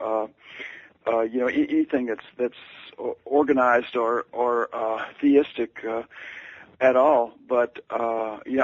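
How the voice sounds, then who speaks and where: A man's voice: medium pitch, no room sound, highs cut off. A male author and writing teacher, interviewed and telling a story at length, hesitant, with many fillers and restarts.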